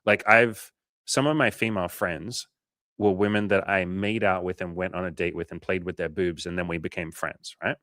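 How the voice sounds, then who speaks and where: Lively low-voiced man telling a story. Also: moderate pace, no echo, studio quality. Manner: animated storytelling, swearing, acting out quoted dialogue. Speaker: coach and livestream host. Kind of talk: casual livestream chat answering viewers.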